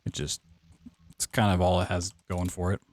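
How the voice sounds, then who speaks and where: A young man casually chatting to his viewers while speedrunning a game, relaxed and playful. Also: low voice, normal speed. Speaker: speedrunning streamer. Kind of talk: casual live-stream commentary while playing.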